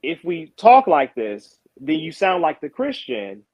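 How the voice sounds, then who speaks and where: Man, casual debate talk, loose and repetitive, slightly high voice, dry dull call audio. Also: huge pitch swings, unhurried, no room sound. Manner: loose, conversational, repeats words. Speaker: Muslim caller in a debate.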